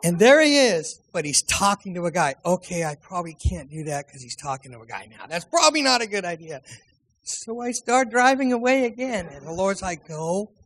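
A high-pitched male pastor tells a personal story from the pulpit. He acts out each quote and then drops into soft, quiet asides. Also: brisk, low-quality recording. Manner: animated anecdotal storytelling with acted quotes. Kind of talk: sermon storytelling.

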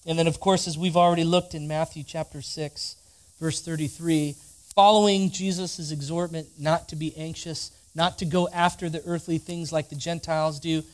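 A man's voice: fairly high pitch, fairly even intonation, normal speed. A man preaching a sermon, reading scripture aloud and leading the congregation in spoken responses. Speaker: pastor.

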